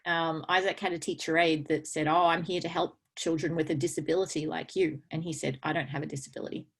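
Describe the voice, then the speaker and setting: A woman in casual conversation as a guest, chatty and laughing often, with halting fillers. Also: low voice, fairly even intonation, creaky, slightly rough.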